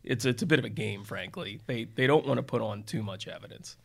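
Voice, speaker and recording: A man's voice: fairly low pitch, a little fast, vocal fry, slight background noise. A man, a defense attorney co-hosting a podcast, telling stories in a rambling way with many restarts and asides. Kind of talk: casual storytelling podcast talk.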